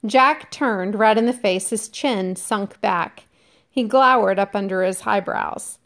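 A woman teacher reading a novel aloud to her class in a steady, measured way. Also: medium pitch.

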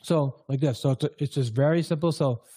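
A man's voice: a little high, a little fast, dark tone, slightly rough, no room sound. A man guest, a breathwork coach, telling a candid personal story in a casual, loose way with many fillers.

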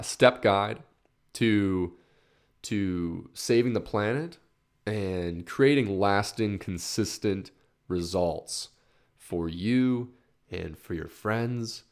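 A man hosting his own solo podcast in a casual, rambling way, swearing freely and laughing at himself as he gets fired up. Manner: rambling with restarts, excited rises in pitch. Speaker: podcast host.

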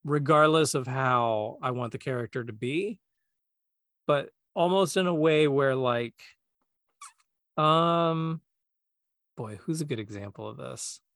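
A man co-hosting a podcast, talking in a relaxed, easygoing way and thinking aloud with plenty of filler words. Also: mid-range voice, slow pace, long pauses, dry recording, studio quality. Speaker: podcast co-host, voice actor. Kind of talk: casual podcast chat.

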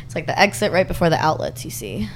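A woman's voice: sits low, animated, fast, slight background noise. A woman in her twenties from Florida, a podcast guest chatting casually, laughing often and using lots of "like.". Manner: giggly, filler-heavy. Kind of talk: casual chat.

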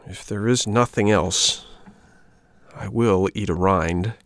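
A man's voice: on the low side, slow pace, no echo, clean studio sound. A man voicing a hungry, fretful wooden puppet boy who whines and wails stubbornly. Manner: whiny, wailing, stubborn.

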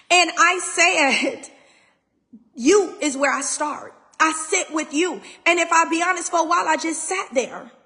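Tearful woman host, high voice, long reverb, raw faith talk. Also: sharp tone. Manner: raw, tearful, holding back crying. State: near tears. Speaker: podcast host. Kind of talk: emotional faith talk to listeners.

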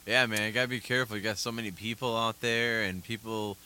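A man's voice: lowish voice, fairly even intonation, fast, pushed and bright, a little hiss or hum. A man co-hosting a podcast, chatting casually with brief reactions. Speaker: podcast co-host. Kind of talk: casual chat.

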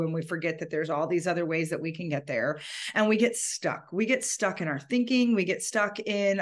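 A woman hosting a solo podcast, talking in an earnest, emphatic, heartfelt way. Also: on the low side. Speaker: podcast host.

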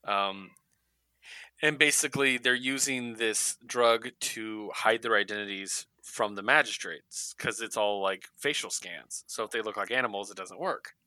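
A man's voice: on the low side, a little slow, pushed and bright, no echo, poor audio. A man co-hosting a comics podcast, retelling a story in casual chat and acting out the characters' lines with laughs.

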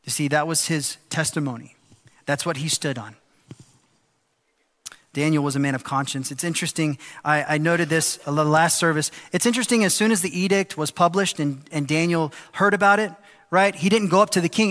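Animated preacher in a reverberant sanctuary. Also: male voice, fairly high pitch, brisk. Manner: animated, acts out quoted voices. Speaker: pastor. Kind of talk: sermon. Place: church sanctuary. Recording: long hall reverb.

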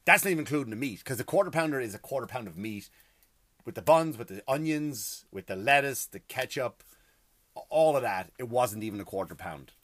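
A middle-aged host ranting about everyday hassles in an exasperated, profane, emphatic way. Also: male voice, medium pitch, animated, a little fast, a bit bright, no echo. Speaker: podcast host. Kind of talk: comedic rant.

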